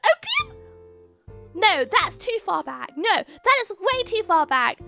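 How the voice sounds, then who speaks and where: A woman streaming as a VTuber, chatting casually in an excitable, ranting way with lots of giggling. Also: extremely high pitch, a little slow, vocal fry, music in the background.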